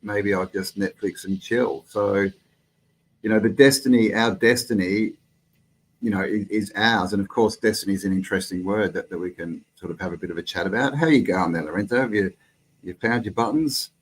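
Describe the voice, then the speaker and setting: Low-voiced Australian man hosting a live stream. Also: fairly quick, rough recording. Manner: loose, rambling, friendly greetings to chat. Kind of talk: casual live-stream chat.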